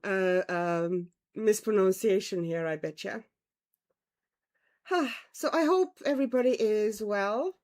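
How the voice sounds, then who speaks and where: A woman's voice: fairly high pitch, expressive, slow pace. A woman from Estonia with a vague European accent and a slight Irish twang, hosting a casual livestream and chatting with viewers. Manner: chatty, greets viewers, frequent laughs. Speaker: livestream host. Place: home.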